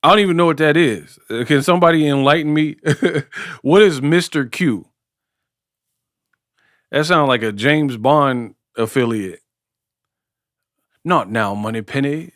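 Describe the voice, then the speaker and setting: Man, boxing watch-party commentary, slangy and joking, fairly high voice, dry close sound. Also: a little slow, long pauses, a bit bright, no echo. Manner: slangy, joking, breaks into impressions.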